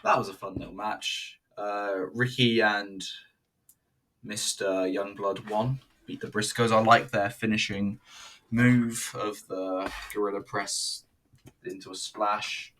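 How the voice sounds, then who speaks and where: A man's voice: on the low side, fairly even intonation, slow, a bit bright, a little hiss or hum. A man reviewing a wrestling show in casual, rambling commentary, blunt and sweary. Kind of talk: casual commentary over footage.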